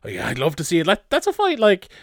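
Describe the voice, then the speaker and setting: A man hosting a podcast in casual sports chat, reading listener questions and answering quickly. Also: high voice, wildly swooping pitch, gravelly, no room sound, studio quality. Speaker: podcast host.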